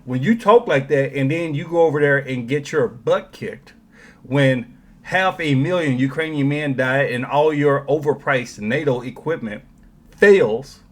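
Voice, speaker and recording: A man delivers a heated commentary monologue. He talks in a sarcastic, mocking way and slips into put-on voices to ridicule the people he argues against. His voice sits in the middle range for a man. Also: mid-range voice. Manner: sarcastic, mocks opponents in put-on quotes. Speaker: political commentary host.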